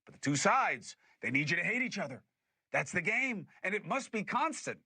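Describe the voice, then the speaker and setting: A man's voice: sits high, big pitch swings, moderate pace, bright, forceful tone, breathy edge, no echo. A man hosting a political commentary show, arguing his points emphatically and putting things in plain terms. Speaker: host.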